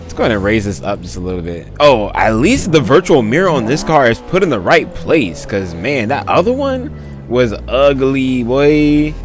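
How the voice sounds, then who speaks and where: A man's voice: medium pitch, sing-song, normal speed, soft background music. A man live-streaming a driving game, chatting in a hyped, slangy way and thanking viewers often. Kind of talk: casual live-stream commentary.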